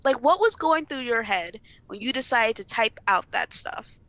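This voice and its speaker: Animated ranting young woman. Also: on the high side, normal speed, no echo. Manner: animated ranting, swearing freely. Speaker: podcast co-host. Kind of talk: casual podcast chat.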